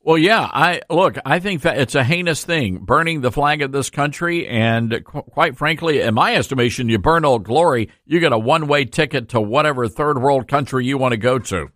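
A man's voice: mid-range voice, normal speed, hardly any pauses, fairly bright tone, no echo, studio quality. A man hosting a call-in radio talk show, giving blunt, fired-up opinions.

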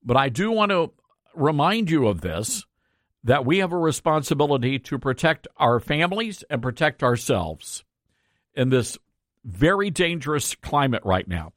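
A man's voice: medium pitch, very animated, moderate pace, fairly bright tone, no room sound. Man, radio talk host, impassioned, repeats for emphasis, dry studio sound.

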